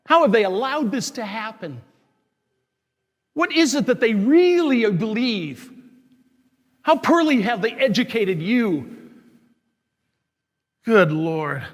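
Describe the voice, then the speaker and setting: A man's voice: high-pitched, big pitch swings, takes it slowly, pauses often. A man, a parish priest, preaching an impassioned sermon full of rhetorical questions and declared righteous anger. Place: large church. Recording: long church reverb.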